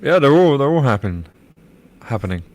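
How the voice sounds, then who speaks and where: Calm man co-hosting a livestream chat. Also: medium pitch, normal speed. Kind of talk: casual chat.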